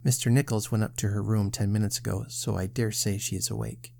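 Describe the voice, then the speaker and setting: A man's voice: fairly low pitch, fairly even intonation, fairly quick, creaky, darkish tone. A man reading the part of a helpful young woman, in his own plain voice. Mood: eager.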